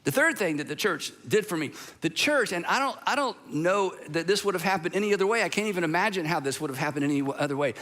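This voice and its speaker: A man's voice: high voice, animated, fast, few pauses, fairly bright tone. A man from Georgia in the United States preaching a sermon as pastor, telling stories in a conversational way with humorous asides. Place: church auditorium.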